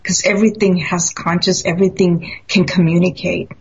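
A woman's voice: on the low side, little pitch movement, normal speed, crowd noise. A woman in casual spiritual conversation, speaking earnestly and acting out the voices in her own stories. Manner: earnest, storytelling, acts out quotes. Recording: dull lo-fi audio.

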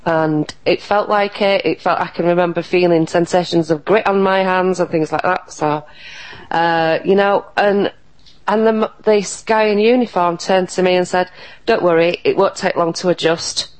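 A woman's voice: on the low side, steady tone, moderate pace, rough recording. A woman talking earnestly and emphatically as an interview guest, often restarting her sentences. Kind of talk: casual interview talk.

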